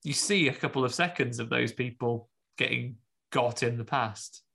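Brief: male co-host, bright and forceful, sardonic film recap. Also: mid-range voice, normal speed, vocal fry, husky. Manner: sardonic, acts out scenes in mocking voices. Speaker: podcast co-host. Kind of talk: casual film chat.

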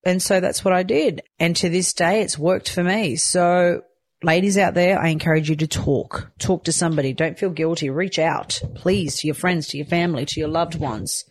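A woman's voice: lowish voice, moderate pace, no room sound. A young woman speaking earnestly and directly to viewers in a casual personal vlog. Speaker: psychic medium and new mother sharing her story.

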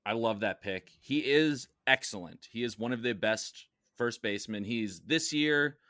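A man's voice: mid-range voice, unhurried, sharp tone, dry recording, clean studio sound. A man co-hosting a casual podcast, explaining things in an upbeat, enthusiastic way. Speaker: podcast co-host.

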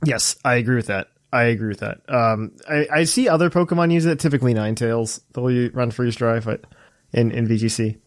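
A man hosting a casual gaming podcast, relaxed and chuckling often. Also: medium pitch, fairly quick, no room sound, clean studio sound. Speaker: podcast host.

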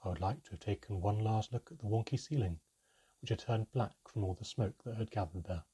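A man reading a fantasy storybook aloud in first person, with a steady, measured delivery. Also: lowish voice, breathy edge. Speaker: audiobook narrator.

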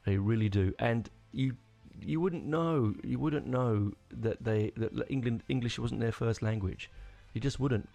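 A man's voice: mid-range voice, a little slow, vocal fry, hardly any pauses, warm tone, faint music behind. A man hosting a podcast on his own, rambling enthusiastically with many restarts. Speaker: podcast host. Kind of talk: casual solo rambling.

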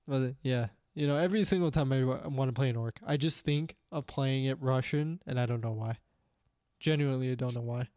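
A man's voice: mid-range voice, a little fast, mellow, no echo, clean studio sound. A young man chatting casually with friends, joking around and trying out silly accents. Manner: joking, puts on a broken Russian-style accent. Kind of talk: casual chat among friends.

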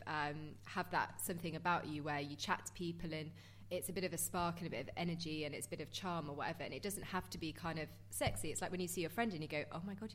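A woman chatting on a podcast, talking quickly and acting out quoted lines. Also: on the low side, slight background noise. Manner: fast, animated storytelling with quoted voices. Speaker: podcast guest. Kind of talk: casual chat.

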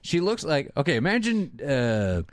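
A man in casual podcast banter who talks in animated bursts, swears casually and jumps between topics. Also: fairly high pitch, moderate pace, dry recording.

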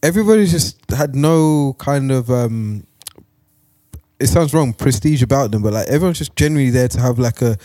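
Mellow-voiced young man. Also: medium pitch, lively intonation, moderate pace, dry recording. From North London. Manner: rambling, filler-heavy storytelling. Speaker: podcast co-host. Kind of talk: casual chat.

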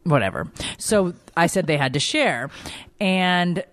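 A woman who is a parent, chatting casually with viewers and telling an animated family story. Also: lowish voice, measured pace, no echo. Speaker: parent vlogger. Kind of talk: casual chat.

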